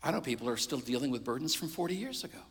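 A middle-aged man, a pastor preaching a sermon, swinging between loud emphasis and hushed near-whispers. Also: mid-range voice, expressive, racing. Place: church sanctuary. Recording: long hall reverb.

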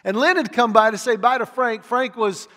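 A man in his forties preaching a sermon, telling a story in an animated way and acting out the people in it. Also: very high voice, normal speed. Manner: animated storyteller, acts out quoted voices. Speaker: pastor. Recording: long hall reverb.

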